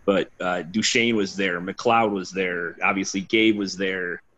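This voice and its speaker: Husky low-voiced man telling stories. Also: steady tone, unhurried, pushed and bright. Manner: rambling, swearing, laughing storyteller. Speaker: podcast guest, former team DJ. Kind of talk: casual storytelling. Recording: dull lo-fi sound.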